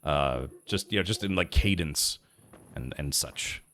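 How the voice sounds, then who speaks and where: A rumbling low, slightly bright voice belongs to an American man streaming a game, expressive and unhurried, with slight background noise. He chats casually and thinks aloud, with lots of fillers and restarts, and reads chat and quest text aloud.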